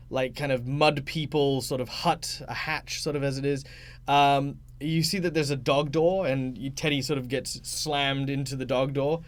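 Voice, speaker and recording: A man with an Australian accent narrating as game master of a tabletop game, hesitant and full of fillers. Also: medium pitch. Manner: hesitant, many fillers and restarts.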